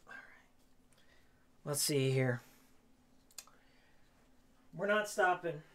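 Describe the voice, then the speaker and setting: Hoarse, rambling male streamer. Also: on the high side, lively intonation, very slow. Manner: rambling, jokey, repeats his own phrases. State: hoarse, losing his voice. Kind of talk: casual live-stream chat while cleaning. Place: game room at home, indoors.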